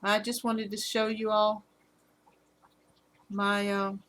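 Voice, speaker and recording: A middle-aged woman with a Southern accent, hosting a casual live stream about her fish, halting often with fillers. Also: mid-range voice, monotone, fairly bright tone. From Alabama. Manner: rambling, halting with fillers, reads out chat comments.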